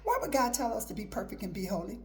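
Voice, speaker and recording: A woman's voice: medium pitch, very animated, fast. A middle-aged woman hosting her own show, giving an emphatic, repetitive preaching talk mixed with personal testimony. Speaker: host.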